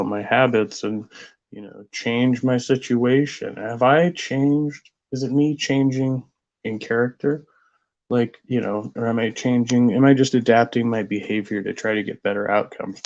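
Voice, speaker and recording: A man's voice: mid-range voice, muffled recording. A man hosting a casual livestream, greeting viewers and musing aloud in a rambling way full of fillers. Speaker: host.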